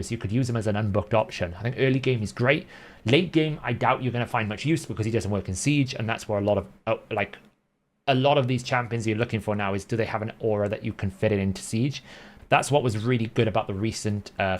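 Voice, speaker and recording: A man talking casually as a gaming video host, conversational and thinking aloud with frequent self-corrections. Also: fairly low pitch. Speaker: gaming YouTuber. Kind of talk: casual game commentary.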